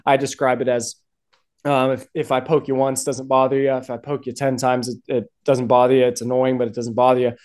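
Guy on a podcast explaining stuff step by step, earnest, repeats words a lot, medium pitch. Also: flat delivery, fairly quick, darkish tone. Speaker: guest archery strength coach. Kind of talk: podcast conversation.

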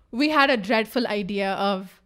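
A young woman co-hosting a casual chat, telling a story excitedly, swearing freely and acting out what people said. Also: a little high, slow. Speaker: co-host.

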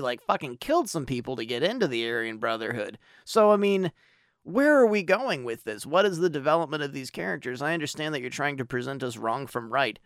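A man co-hosting a casual movie-review podcast, profane, animated and sarcastic. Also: fairly high pitch, no echo, clean studio sound. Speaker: podcast co-host.

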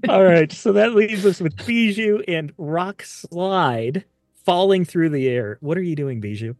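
A man's voice: high voice, expressive, measured pace. A man running a tabletop superhero game as game master, with dry teasing remarks.

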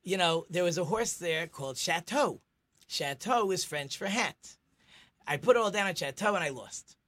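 A man's voice: high voice, animated, moderate pace, fairly bright tone. A middle-aged man, a rabbi hosting a radio talk show, chatty and teacherly, telling jokes.

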